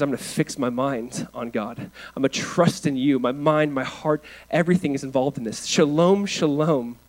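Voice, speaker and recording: A man with a slightly high voice preaches a sermon on a low-quality recording. He shifts between hushed, earnest passages and loud, emphatic ones, mixing in casual asides and filler words.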